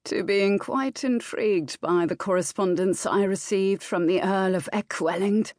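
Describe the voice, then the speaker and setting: A woman voicing an aloof male gargoyle nobleman with a silky, lofty drawl and crisp consonants. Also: on the low side, unhurried, a little mellow, no room sound, studio quality.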